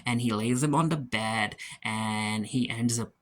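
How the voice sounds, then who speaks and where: A man's voice: fairly low pitch, unhurried, fairly bright tone. A man giving a casual spoken recap of a TV episode, chatty, with lots of "like" and false starts. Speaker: TV episode reviewer.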